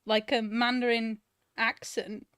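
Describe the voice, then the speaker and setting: A woman's voice: a little high, little pitch movement, slow pace, a bit bright, clean tone, no echo, studio quality. A woman chatting casually on a stream, giggling often.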